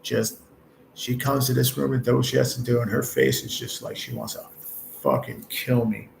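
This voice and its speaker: A man nearing fifty talks to his livestream chat from a hospital room, rambling and blunt and cursing often. His voice is gravelly, sits at an ordinary pitch, and has a faint hum of room noise underneath it. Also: big pitch swings, moderate pace, poor audio. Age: 40s. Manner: blunt, heavy swearing, rambling. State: ill with stage four cancer. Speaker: livestream host.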